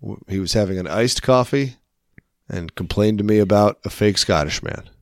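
A man's voice: lowish voice, moderate pace, dry recording, studio quality. A man co-hosting a casual podcast, telling rambling stories and swearing freely. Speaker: podcast co-host. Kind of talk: casual chat.

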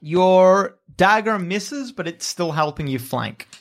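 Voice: mid-range voice, expressive, slow, background noise. A game master narrating a tabletop game with wry humor, often laughing mid-sentence.

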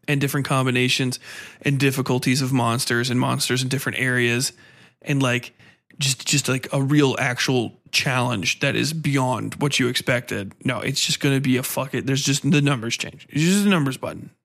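A man's voice: mid-range voice, fairly bright tone. A man hosting a podcast alone, ranting casually and animatedly, swearing often and restarting his sentences. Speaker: podcast host. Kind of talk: casual solo podcast rant.

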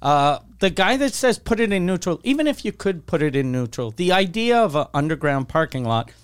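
Podcast host guy tossing in jokes, smooth clear voice, a bit higher. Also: big pitch swings, fairly quick. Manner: jokey interjections and wisecracks. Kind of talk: casual podcast chat.

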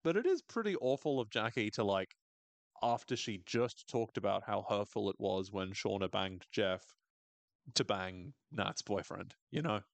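A man hosting a podcast, recapping a TV episode in casual, animated talk, swearing and laughing often. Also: on the low side, moderate pace, creaky, no room sound. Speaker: podcast host.

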